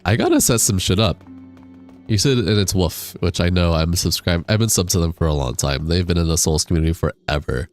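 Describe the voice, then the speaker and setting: Deep-voiced man streaming a game. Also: animated, brisk, soft background music. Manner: chatty, reads chat aloud, laughs often, swears casually. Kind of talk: casual live-stream chat while playing. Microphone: desk USB microphone.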